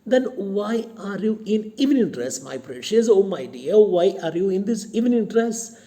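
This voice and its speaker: A man's voice: sits high, sing-song, normal speed, dark tone, pitched above the performer's own voice. Chubukov, a man reading a fawning old landowner. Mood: gushing. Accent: Indian English. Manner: gushing, piles on endearments. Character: fawning older male landowner, sugary and sly.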